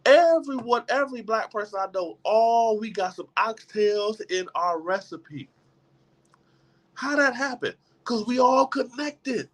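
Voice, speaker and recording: A man's voice: extremely high pitch, lively intonation, unhurried. A middle-aged man giving a motivational talk to a live group, emphatic and preacher-like, repeating words as he builds his points. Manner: emphatic preacher-like delivery with many repetitions. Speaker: motivational speaker.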